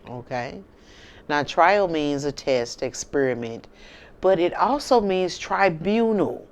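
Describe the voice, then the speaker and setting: A woman's voice: deep voice, lively intonation, takes it slowly. A woman from the United States hosting her own channel, talking casually and emphatically to her viewers and often checking in with "okay?" and "you know". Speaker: channel host.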